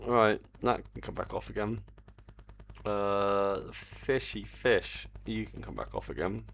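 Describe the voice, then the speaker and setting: A man live-streaming his game development, chatting casually and excitably, swearing freely, into a desk microphone on a stand. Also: on the low side, a little slow, creaky, slight background noise. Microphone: desk mic on a stand.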